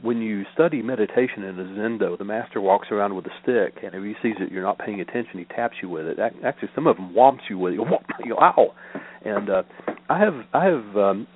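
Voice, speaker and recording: Older guy meditation teacher reading scripture slow and steady, lowish voice, sounds like it's over a phone. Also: slight background noise. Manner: measured, deliberate reading with a repetitive cadence. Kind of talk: reading scripture aloud with spoken commentary. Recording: narrow, tinny phone-like audio.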